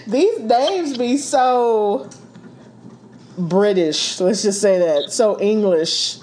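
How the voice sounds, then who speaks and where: A woman's voice: medium pitch, expressive, extremely slow, pauses often, darkish tone. A woman co-hosting a casual chat, playful and giggly, stretching out her words.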